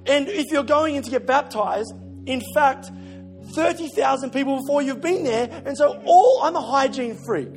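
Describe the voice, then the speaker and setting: This middle-aged pastor's very high voice is animated and moves at a normal speed, with faint music in the background. His sermon has a chatty storytelling style, self-deprecating, marked by repeated words whenever he searches for the next one.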